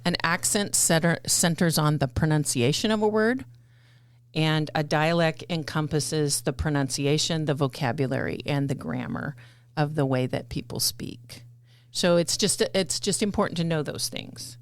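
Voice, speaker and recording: A woman's voice: deep voice, normal speed, dry recording. An American woman hosting a casual podcast, talking in a chatty, rambling way with many fillers. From United States. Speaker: podcast host.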